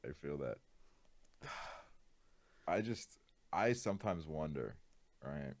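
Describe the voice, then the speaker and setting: A young man streaming, chatting casually in a laid-back, rambling way, his voice jumping high with laughter when he is outraged. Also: very animated, takes it slowly, dry recording. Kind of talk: casual chat.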